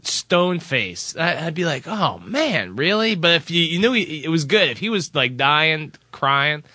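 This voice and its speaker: Bright, lively radio host man. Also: a little high, unhurried, no room sound, clean studio sound. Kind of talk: casual radio banter.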